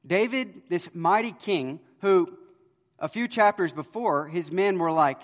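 A man preaching a sermon as pastor, earnest, swelling loud on key words and then dropping to a hush. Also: high voice, lively intonation, unhurried. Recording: long hall reverb.

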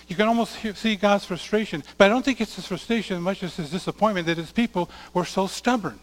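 A man preaching a sermon as a pastor, reading scripture aloud and swinging between loud declarations and hushed asides. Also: high voice, fast, hardly any pauses. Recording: long hall reverb.

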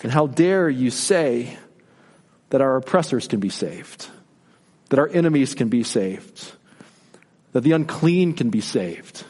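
A male pastor preaching a sermon, asking rhetorical questions and swinging between soft, low passages and rising emphasis. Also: lively intonation, measured pace, pauses often, in a large hall.

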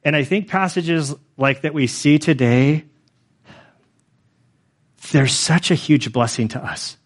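A man's voice: on the high side, takes it slowly. A man in his forties, a pastor telling his own story in a sermon, earnest and rambling, with many fillers. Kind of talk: sermon testimony.

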